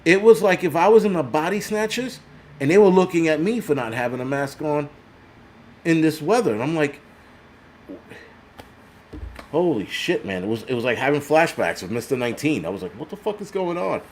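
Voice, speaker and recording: With a slightly high, animated, brisk and somewhat mellow voice, an older man hosting a prepper channel in New York City launches into an angry vlog rant, profane, sarcastic and mocking others' voices. A little hiss or hum sits under the recording.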